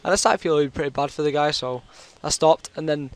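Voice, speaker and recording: A British man with a sore throat, his voice on the high side and a little fast, chats casually over his gameplay. This gaming commentator tells a long, rambling story packed with fillers.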